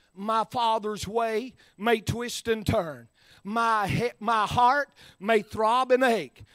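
A man preaching a sermon in church, sliding from low, easy talk up to shouted, drawn-out lines. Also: no room sound.

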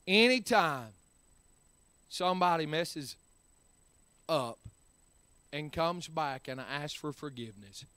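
A man's voice: fairly high pitch, animated, takes it slowly, long pauses, sharp tone, smooth, dry recording. A man preaching a sermon, repeating key phrases with rising and falling emphasis.

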